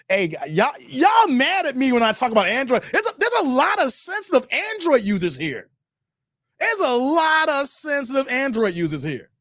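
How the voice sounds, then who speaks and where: Man, livestream host, playful teasing, lots of slang, animated voice, dry close sound. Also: high-pitched, no room sound. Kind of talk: casual livestream chat reading viewer comments.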